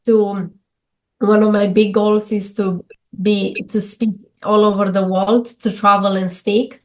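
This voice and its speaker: Her pitch is mid-range and her tone stays level as this Romanian woman, a guest being interviewed, reflects in English through earnest, halting phrases full of restarts.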